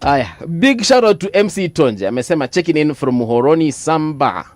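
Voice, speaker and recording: A man with a Kenyan accent hosting a casual breakfast radio show, chatty and quick to laugh, switching into Swahili. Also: on the high side, no room sound. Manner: lively, laughs often, mixes in Swahili. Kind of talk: casual bilingual radio chat. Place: radio studio.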